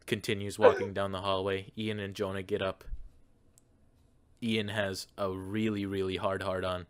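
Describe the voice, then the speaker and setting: A man's voice: low voice, level tone, moderate pace, clear, resonant tone, dry recording. A man hosting, goofily rambling through an improvised comedy story with a friend. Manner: goofy, rambling, lots of fillers. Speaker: host.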